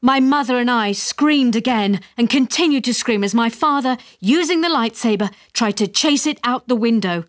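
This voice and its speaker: A woman reading her own comic memoir aloud in a radio studio, lively and building with excitement. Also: on the high side, moderate pace, few pauses, no echo. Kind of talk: storybook reading.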